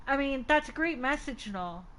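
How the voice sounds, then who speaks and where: A high-pitched woman talking casually on a stream from home, her thoughts tumbling out in exasperated bursts and restarts. A faint hiss sits under her voice. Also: lively intonation, a little fast, a bit bright, low-quality recording. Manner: rambling, exasperated, talks in fits and restarts. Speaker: streamer getting a tarot reading. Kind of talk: casual live-stream chat.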